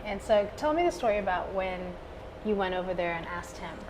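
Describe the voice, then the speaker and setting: A woman's voice: mid-range voice, animated, a little fast, noisy background. A woman co-hosting a podcast, chiming in supportively in casual chat. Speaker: podcast co-host.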